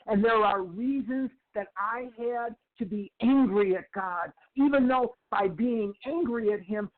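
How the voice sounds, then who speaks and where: Male recovery speaker with a high voice who tells stories and drives points home by slow repetition; thin, phone-like recording. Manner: slow, emphatic repetition of phrases. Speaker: twelve-step recovery speaker. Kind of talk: storytelling lecture. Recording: tinny phone-like sound.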